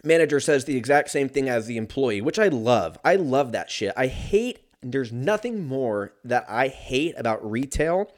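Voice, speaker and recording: A man's voice: medium pitch, animated, moderate pace, hardly any pauses. A man telling a story in a casual, profane, rambling and sarcastic rant.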